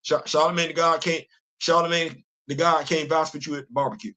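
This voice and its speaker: A man hosting a comedic live-stream commentary, talking in an animated, teasing, emphatic way. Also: on the high side, brisk. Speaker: host.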